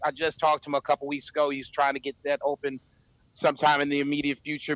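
A man's voice: a little high, completely flat delivery, fast talker, a bit bright, no echo, poor audio. A man, co-hosting a podcast and plugging a local diner in a playful, preacherly way. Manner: playful preacher-style delivery. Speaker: podcast co-host. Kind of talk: casual chat with mock sermon bits and a plug.

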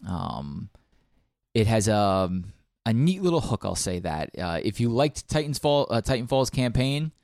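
A young man co-hosts a podcast in a fairly low, darkish voice, very animated though a little slow, recorded with studio quality and no echo. He chats casually about video games, rambling with lots of ums and restarts.

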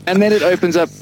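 A man's voice: very high-pitched, slight background noise, low-quality recording. A man co-hosting a casual music podcast, rambling enthusiastically and laughing often. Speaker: podcast co-host discussing an album.

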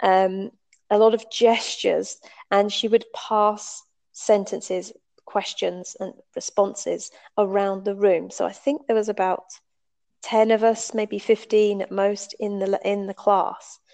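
Gravelly-voiced woman telling a story. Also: mid-range voice, little pitch movement, slow pace, darkish tone. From United Kingdom. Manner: conversational, explains step by step with frequent ums. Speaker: storyteller recalling a language class. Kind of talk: casual spoken storytelling.

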